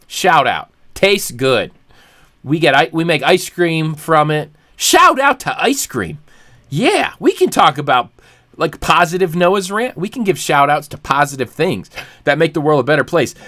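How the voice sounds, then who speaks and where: A man's voice: on the high side, very animated, measured pace, sharp tone. Guy doing a silly over the top rant, preachy, voice bouncing all over the place. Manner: exaggerated, mock-preachy, laughing often. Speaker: podcast host. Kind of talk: comedic rant.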